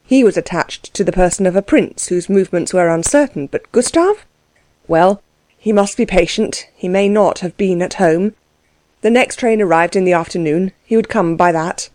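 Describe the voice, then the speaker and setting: A woman reading a novel aloud as narrator, in a measured, steady way. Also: on the low side, no room sound. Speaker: audiobook narrator. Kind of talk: scripted narration.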